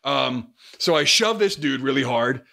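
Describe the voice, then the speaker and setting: A young man telling a story in a casual vlog, energetic and profane. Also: medium pitch, measured pace, vocal fry. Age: young adult. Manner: energetic, profane, swings into loud outbursts. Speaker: YouTuber.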